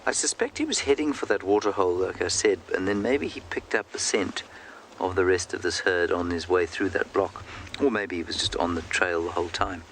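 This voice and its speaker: A man working as a safari guide, giving calm, explanatory live commentary outdoors in the bush. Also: low-pitched, fairly quick. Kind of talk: live game-drive commentary. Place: outdoors in the bush on a game drive. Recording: outdoor ambience noise.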